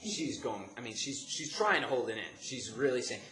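A man from the Chicago area telling a comic story, animated, jumping between laughing outbursts and hushed asides. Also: on the low side, a little fast, hardly any pauses. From Chicago area, United States. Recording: echoey room with background noise.

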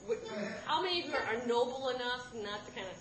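A woman in her thirties telling a comic personal story to a live audience, rambling and self-deprecating, with sudden loud outbursts. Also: a little high, animated, fast talker. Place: stage in a room with a live audience. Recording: roomy live room with background noise.

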